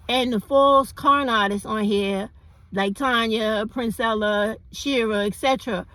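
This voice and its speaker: Middle-aged woman, slightly high voice; blunt, cussing, preachy vlog monologue. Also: rough recording. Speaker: commentary vlogger. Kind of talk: casual opinion monologue.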